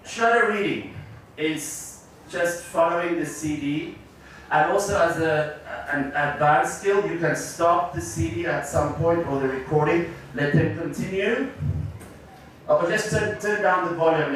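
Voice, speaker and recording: A man leads a workshop for teachers, explaining clearly and drawing the audience in with questions. His voice sits a little high for a man. He is heard from a distance in a very echoey room with a faint hiss behind him. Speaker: teacher trainer. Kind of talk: workshop presentation. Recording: echoey room recorded from afar.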